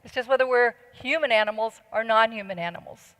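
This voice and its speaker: Earnest middle-aged woman speaker, slightly high-pitched, with reverb from a large hall. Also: fairly quick, a bit bright. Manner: earnest, persuasive, asks the audience questions. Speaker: conference speaker. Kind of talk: conference talk.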